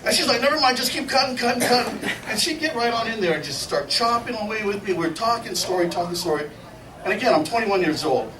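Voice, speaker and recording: A middle-aged man with a high voice speaks at a quick pace, telling folksy stories through laughter at a memorial service and acting out what others said in lively voices. It's an informal storytelling eulogy in a memorial gathering hall. The recording is noisy, with an echoey room and the mic far away.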